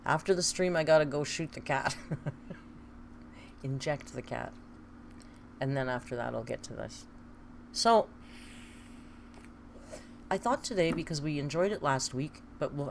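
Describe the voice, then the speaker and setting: A woman's voice: sits low, slight background noise. A woman hosting a casual live stream, chatting playfully and cooing at her pet between remarks to viewers. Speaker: livestream host.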